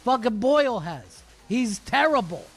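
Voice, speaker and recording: A man's voice: extremely high pitch, sing-song, unhurried. A man co-hosting a casual sports podcast, teasing his friends with a lot of swearing. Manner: profane, teasing. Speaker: podcast co-host.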